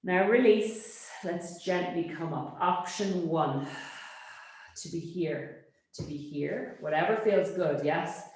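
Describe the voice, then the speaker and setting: A woman instructor talks a class through a Pilates workout, her cues brisk and encouraging. She often checks in with a quick "yes?". The studio is very echoey. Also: on the low side, darkish tone. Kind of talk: cueing an exercise class. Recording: very echoey room.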